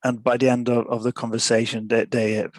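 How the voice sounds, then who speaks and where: Deliberate man with a dry voice. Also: mid-range voice, little pitch movement, no echo. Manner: deliberate, with repeated words. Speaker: panelist. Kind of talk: making a point in a webinar discussion.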